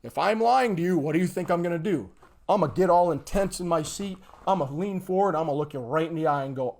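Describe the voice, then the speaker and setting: A man's voice: fairly high pitch, fast talker. Emphatic man teaching on a livestream. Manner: emphatic, keeps checking in with "okay?" and "all right?"; animated, acts out examples. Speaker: instructor. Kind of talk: livestream lesson.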